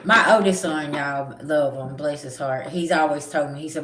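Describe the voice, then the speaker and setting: A woman's voice: low voice, moderate pace, reverberant, a crowd in the background. A middle-aged woman, a spiritual reader, talking bluntly and animatedly in a casual livestream chat, swearing freely.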